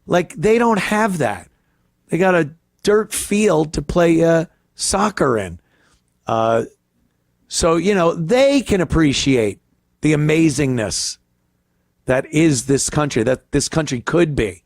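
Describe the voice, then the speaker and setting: A man's voice: a little high, lively intonation, slow pace, no echo, clean studio sound. A male host ranting in a crude, profane, rambling way on a casual comedy podcast.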